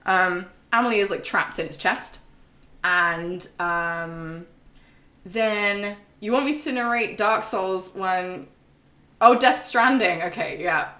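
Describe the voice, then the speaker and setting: This streamer's voice is mid-range, bright and forceful, and she talks at a slow pace. Chatting to her live audience, she gives a loose, meandering recap of a game, swearing openly, laughing and saying um a lot, all in a room with noticeable echo.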